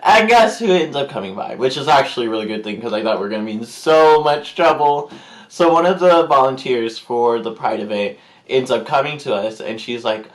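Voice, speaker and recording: A YouTuber tells a story in a casual vlog, rambling with lots of fillers and animatedly acting out the people he quotes in put-on voices. He has a medium pitch and talks fairly quickly.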